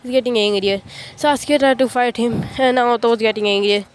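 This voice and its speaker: A woman's voice: a little high, steady tone, fairly quick, slight background noise. A woman casually retelling a fan-made ninja story, rambling with constant filler phrases and restarts.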